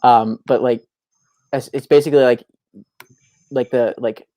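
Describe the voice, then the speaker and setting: A man's voice: medium pitch, fairly even intonation, unhurried, dark tone, no echo. A young man co-hosting a casual livestream chat, rambling with lots of fillers and restarts. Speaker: podcast co-host.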